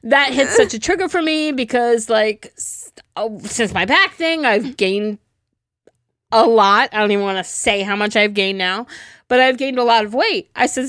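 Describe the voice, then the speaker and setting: A woman's voice: a little high, a bit bright, no echo, clean studio sound. A middle-aged woman co-hosting a podcast, telling a story in casual chat and laughing through it. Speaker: podcast co-host.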